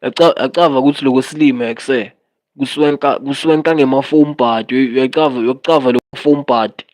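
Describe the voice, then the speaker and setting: Animated South African streamer man. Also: mid-range voice, a little fast. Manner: animated, rambling, code-switching. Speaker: livestreamer. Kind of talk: casual livestream chat.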